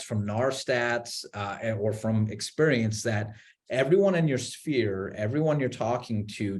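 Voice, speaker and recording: A man on a video call webinar, explaining real estate marketing in an animated way, with many restarts and repeated words. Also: medium pitch. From Utah. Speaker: marketing executive guest.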